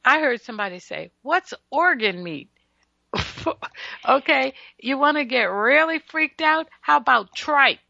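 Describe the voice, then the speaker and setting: A woman's voice: sits high, animated, unhurried, creaky, pushed and bright, no echo. A woman hosting a solo radio health talk, lecturing listeners with emphatic, teasing asides. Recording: dull lo-fi radio broadcast audio.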